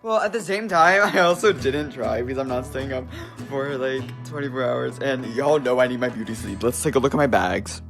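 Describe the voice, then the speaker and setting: A man's voice: mid-range voice, a little fast, vocal fry, over music. A man giving a sassy, dramatic confessional as a reality game contestant.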